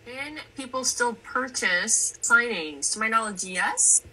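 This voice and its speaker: A woman's voice: fairly high pitch, slow pace, bright, forceful tone, breathy edge, rough recording. A woman moderating a livestream, upbeat and passing along messages from the chat. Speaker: stream moderator.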